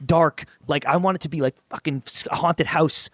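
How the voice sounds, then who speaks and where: A man's voice: a little high, fairly even intonation, normal speed, no room sound. Young man spinning absurd hypotheticals. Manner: spins absurd hypotheticals, laughs often. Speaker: podcast co-host. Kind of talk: casual comedic podcast banter.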